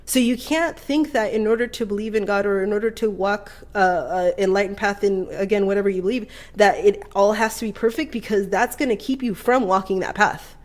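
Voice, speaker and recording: A woman co-hosting a casual podcast chat, swearing freely, animated and quick to laugh. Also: medium pitch. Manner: profane, animated, laughs often. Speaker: podcast co-host.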